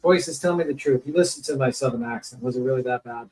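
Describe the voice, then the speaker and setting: A man's voice: medium pitch, fast talker, a little mellow, recorded from a distance, soft background music, rough recording. A man on a livestream panel giving blunt, exasperated commentary. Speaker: panel guest.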